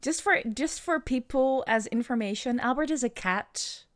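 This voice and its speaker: A woman's voice: high voice, normal speed. A woman streamer playing a game, chatting casually, laughing often and reacting to her chat. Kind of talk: casual livestream chat over gameplay.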